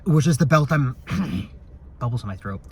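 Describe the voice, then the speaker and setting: A man's voice: mid-range voice, animated, normal speed, creaky, mellow, husky. A man working as a security officer, vlogging casually into his phone from inside his patrol car at night, rambling and joking with some swearing. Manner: rambling, joking, slightly profane. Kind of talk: casual vlog while on patrol. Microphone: phone camera in a car.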